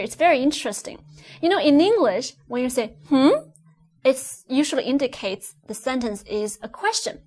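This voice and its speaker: A woman teaching Mandarin tones, explaining patiently step by step and modelling each sound. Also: high-pitched. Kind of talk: online language lesson.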